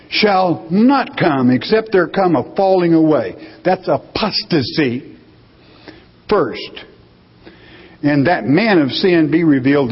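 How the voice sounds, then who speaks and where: A man's voice: a little high, husky. A man teaching through Bible verses, emphatic, asking himself rhetorical questions and answering them. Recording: dull lo-fi recording in a reverberant hall.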